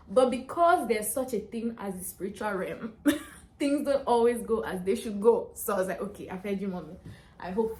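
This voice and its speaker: Mid-range and a little mellow, this young vlogger's voice bounces around a reverberant room with faint ambience and slight noise. She chats casually to camera, laughing a lot and performing the dialogue in her stories.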